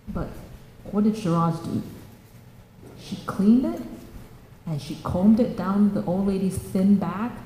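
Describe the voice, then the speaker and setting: A woman tells a children's story in a church, halting and restarting often as she goes. Her voice is mellow and dark. A long, booming echo fills the hall, with a faint noise underneath. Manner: halting, with many fillers and restarts.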